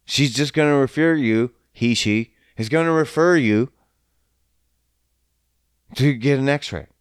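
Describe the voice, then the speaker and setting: A man's voice: medium pitch, slow pace, clean tone, dry recording, studio quality. A man in a casual, profane rant who swears often and slips into mocking voices. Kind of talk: casual ranting monologue.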